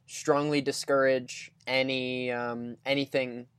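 Young man, deadpan teasing, mock-formal, podcast co-host, dry sound. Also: mid-range voice, takes it slowly, clean tone, no echo. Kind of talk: casual banter.

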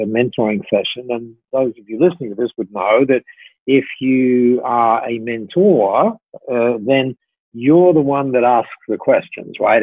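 Husky man on a tinny phone line. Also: medium pitch, no room sound. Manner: chatty storyteller with many fillers and restarts. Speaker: podcast guest, company founder. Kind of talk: storytelling podcast interview.

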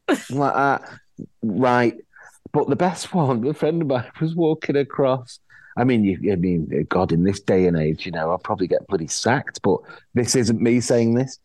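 A middle-aged man tells stories in a loose, lively way. He keeps restarting his sentences and slips into the voices of the people he's describing. His voice sits at a medium pitch and is recorded dry and close. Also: normal speed, dry recording. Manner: animated storyteller, acts out quoted voices, frequent restarts. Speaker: actor guest. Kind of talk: casual anecdotal chat.

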